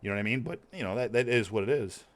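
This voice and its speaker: His medium-pitched voice races along as he tells a long, rambling story while gaming. The streamer has a slight Montana accent, curses freely and laughs often.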